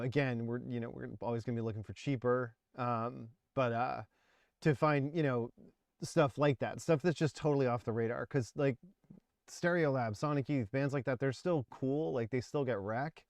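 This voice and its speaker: A man's voice: medium pitch, darkish tone, clean tone, no echo, studio quality. A man in his forties hosting a casual livestream, rambling and laughing as he talks about music. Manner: rambling, chatty, laughs often. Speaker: livestream host.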